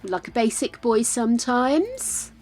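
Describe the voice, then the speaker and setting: Streaming a game, this older woman with a British accent talks casually to viewers, often laughing and murmuring to herself as she goes. Her slightly high, somewhat mellow voice moves slowly and swings widely in pitch, over quiet game music.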